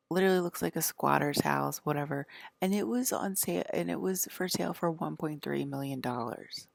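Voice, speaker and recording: Her voice sits low and gravelly as this woman vlogger rambles on in a casual, profane monologue. She leans on "like" heavily and drops into half-whispered stretches from time to time, and the recording carries no room sound.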